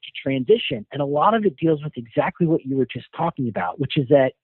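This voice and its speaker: A man's voice: fairly high pitch, lively intonation, fast talker, slightly rough, no echo. A man speaking as a guest coach in an interview, explaining with earnest, thoughtful care. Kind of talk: casual interview. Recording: dry tinny phone line.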